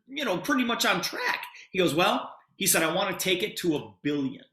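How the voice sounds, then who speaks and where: A middle-aged man presents a storytelling sales pitch, his voice rising and falling with animated swings in pitch. He acts out both sides of conversations and delivers everything in a bright, forceful tone. The sound carries a roomy echo. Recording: echoey room.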